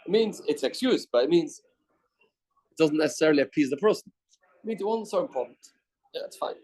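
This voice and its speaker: A man's voice: on the high side, expressive, fast, darkish tone. Man reading and explaining Talmud. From Canada. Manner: mixes Aramaic reading with English explanation, acts out the dialogue. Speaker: Talmud teacher. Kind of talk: daily Talmud class. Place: study hall.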